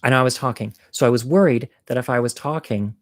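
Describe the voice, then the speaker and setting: A man shares a personal story over a livestream in a candid, chatty way. He pokes fun at himself and laughs at his own jokes. His voice sits at a middle pitch, recorded dry with no room sound. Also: fairly quick, dry recording. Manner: candid, self-mocking humor.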